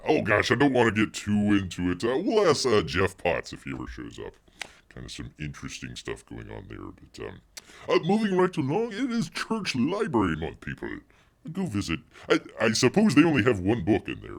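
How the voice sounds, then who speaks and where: A man with a low, gravelly voice hosts a casual live stream. His pitch swings widely as he rambles and jokes, leaning on fillers and pet phrases. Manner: rambling and jokey, repeats catchphrases, many fillers. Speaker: livestream host.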